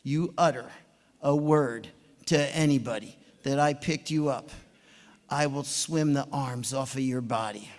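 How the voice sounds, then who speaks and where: A man's voice: medium pitch, unhurried, big-room sound, close to an everyday voice. A man doing a blunt tough-love coach. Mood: curt. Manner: curt, deadpan orders.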